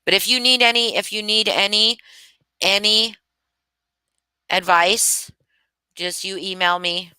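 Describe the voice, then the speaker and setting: A woman's voice: mid-range voice, fairly even intonation, slow, pauses often, pushed and bright, clean tone, dry recording. A woman hosting a casual live stream, gushing and swearing freely as she chats with viewers. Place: home.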